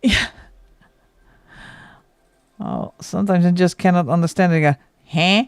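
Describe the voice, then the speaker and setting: A woman's voice: fairly low pitch, steady tone, moderate pace, smooth, dry recording. A Dutch woman with a Dutch accent, hosting a colouring livestream in casual chat, laughing often and muttering asides as she works. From Netherlands.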